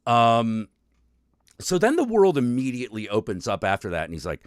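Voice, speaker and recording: Lively guy host rambling through a game story, swears a lot, very dry close sound. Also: medium pitch, brisk, no room sound. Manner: animated storytelling, frequent swearing and restarts. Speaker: stream show host. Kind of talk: casual chat, retelling a video game.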